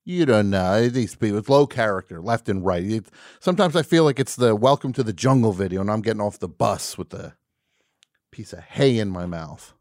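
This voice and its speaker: A man's voice: lowish voice, animated, normal speed, a little mellow, dry recording. A man hosting a live radio show from a studio, joking and sarcastic, with rambling asides. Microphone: studio mic, on camera.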